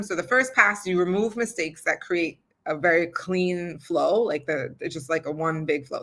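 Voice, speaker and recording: A woman's voice: fairly low pitch, fairly bright tone. A young woman hosting a podcast, giving a casual how-to talk on recording audiobooks in a chatty, filler-heavy way and laughing often.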